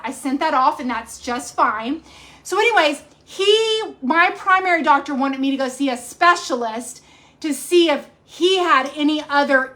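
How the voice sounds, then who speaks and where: A high-pitched woman in her forties, talks casually to her audience. She rambles and keeps correcting herself mid-sentence, in a friendly, chatty way. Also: pushed and bright. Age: 40s. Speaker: cooking channel host. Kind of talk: casual livestream chat.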